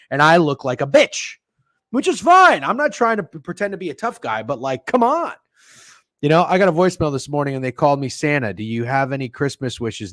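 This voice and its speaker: A man's voice: on the high side, dry recording. A man hosting a sports betting livestream, chatting casually with chat and co-hosts in a rambling, profane, joking way, with a sore throat and a cough, close to the microphone. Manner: rambling, profane and joking, with sudden loud outbursts. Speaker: sports betting stream host. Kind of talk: casual livestream chat reading viewer messages. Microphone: close studio microphone.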